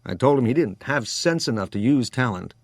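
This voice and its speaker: A man's voice: mid-range voice, animated, fairly quick, no echo, close to an everyday voice. A man voicing a frank, world-weary American wine trader in his forties, close to his own reading voice.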